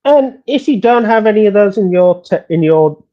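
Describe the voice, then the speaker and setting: A man's voice: high-pitched, expressive, moderate pace, dull audio. A man co-hosting a casual book-talk podcast, talking animatedly with stumbling restarts. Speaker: podcast co-host. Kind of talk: casual chat.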